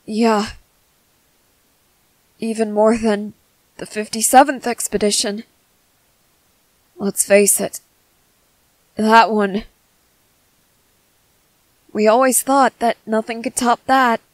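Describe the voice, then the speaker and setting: Whispered role-play: a woman playing a nervous, gentle young soldier boy, slow and soft, a bit high. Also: steady tone, no echo, poor audio. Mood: worried. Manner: soft, fretful, over-apologetic. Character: anxious young male soldier, gentle medic.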